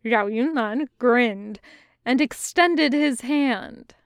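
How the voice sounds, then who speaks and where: A woman narrating a fan fiction audiobook in an unhurried, even reading style. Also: fairly high pitch, clean tone, no room sound, clean studio sound. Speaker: podfic reader.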